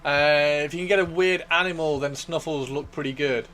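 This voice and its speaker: A man's voice: fairly high pitch, fairly even intonation, normal speed, a bit bright, faint music behind. A man chatting enthusiastically on a casual livestream, often repeating himself. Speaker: livestream host.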